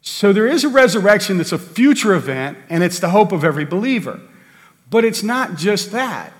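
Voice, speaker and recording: Man, preacher, sermon, earnest, emphatic, slightly high voice, reverberant hall. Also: a bit bright.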